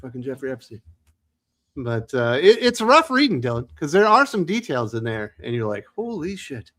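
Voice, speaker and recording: Man, panel host, jokey, swears, quick asides, lively pitch. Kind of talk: casual live panel chat.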